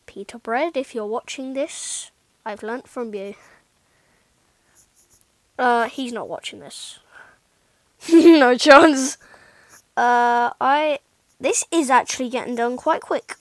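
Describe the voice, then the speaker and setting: A woman's voice: a little high, takes it slowly, pauses often, dry recording, low-quality recording. A woman giving casual, rambling gameplay commentary, mocking herself and often muttering asides under her breath. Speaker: gaming YouTuber.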